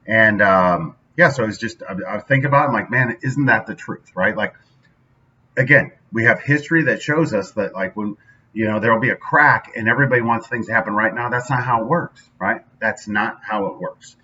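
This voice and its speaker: A man's voice: fairly low pitch, fairly quick. A man hosting his daily show, talking casually and with emphasis about what's on his mind. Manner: energetic, conversational, emphatic. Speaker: daily podcast host. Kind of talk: casual solo motivational talk. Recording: dull lo-fi sound from a distance with faint ambience.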